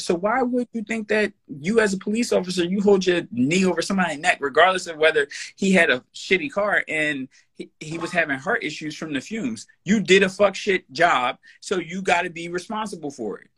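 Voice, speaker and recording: A man's voice: sits high, a bit bright, husky. A man speaking as a guest in a casual podcast conversation, emphatic, blunt and profane. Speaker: personal trainer.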